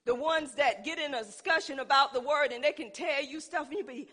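A woman's voice: high voice, brisk, few pauses, pushed and bright. A woman preaching a sermon, calling out to her congregation and building to fervent emphasis. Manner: call-and-response preaching, rising to fervent emphasis.

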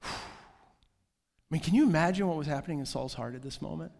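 A man's voice: fairly high pitch, racing, vocal fry, a little mellow. Conversational male pastor in a reverberant hall. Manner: casual, conversational preaching with many fillers and asides. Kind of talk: sermon.

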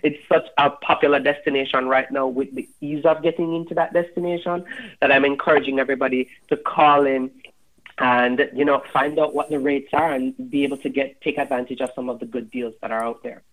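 A man's voice: mid-range voice, steady tone, brisk, a bit bright, low-quality recording. A man from Jamaica, a tourism guest on a radio show, speaking in an upbeat, inviting way. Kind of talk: promotional radio interview.

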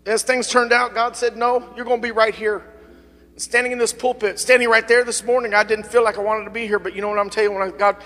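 A middle-aged man preaching a sermon as pastor, swinging from fervent shouting to quieter, conversational talk. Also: high-pitched, big-room sound. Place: church sanctuary, at the pulpit.

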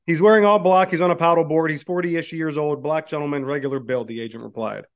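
A man co-hosting a podcast, reading news items aloud and chatting, with frequent "uh" pauses. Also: a little high, steady tone. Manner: drawling, many "uh" pauses. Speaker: podcast co-host. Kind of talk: casual political chat, reading news aloud.

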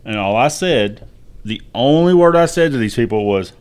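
A man's voice: medium pitch, lively intonation, normal speed, clean tone. A middle-aged Texan man with a Southern accent, co-hosting a casual family podcast chat and telling laid-back anecdotes. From Texas. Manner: laid-back storyteller, chuckles through anecdotes. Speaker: podcast co-host.

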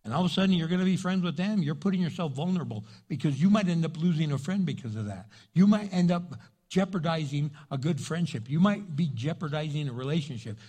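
An older man preaching a sermon as pastor, in an animated, folksy way. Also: fairly high pitch, breathy edge. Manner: animated, folksy, acts out quotes in voices.

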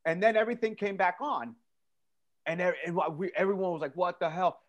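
Man, comedy podcast host, storytelling, animated, slightly high voice. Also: brisk, lo-fi sound. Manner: animated, acts out voices in anecdotes.

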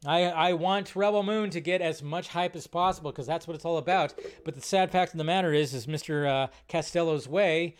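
A man's voice: fairly high pitch, fairly quick, hardly any pauses. A man hosting a live movie news stream, talking casually and rambling as he reads out viewer comments.

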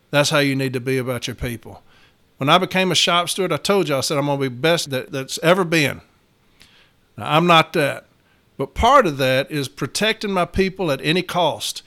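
A man with a slightly higher-than-average voice tells a story from his job as a union shop steward. He speaks to his viewers casually and keeps calling them y'all. His delivery is blunt and emphatic, and he swears freely. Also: sharp tone. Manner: folksy, addresses listeners as y'all.

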